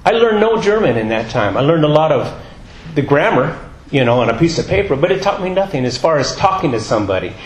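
A man's voice: a little high, very animated, fast talker, roomy sound, poor audio. A man giving a sermon, talking in a chatty, rambling way with lots of fillers. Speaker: guest preacher. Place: church.

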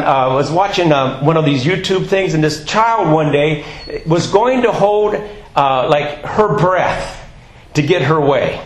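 A man preaching a sermon, telling a jokey personal story and moving between quiet asides and raised preaching. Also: sits high. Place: church hall. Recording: very echoey hall with faint noise.

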